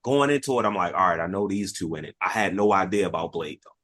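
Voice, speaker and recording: A man's voice: low voice, fast, no room sound. A young man chatting casually about a movie on a podcast, telling stories and acting out quotes in raised voices. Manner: animated storyteller, acts out quotes in raised voices. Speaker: podcast host. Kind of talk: casual movie review chat.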